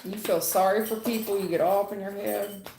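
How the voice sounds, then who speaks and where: A woman with a gravelly edge gives a live-stream tarot reading in a chatty, folksy way. She calls her viewers honey and baby, and her voice rings in an echoey room. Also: mid-range voice, steady tone, a little fast, darkish tone, a little hiss or hum. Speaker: tarot reader.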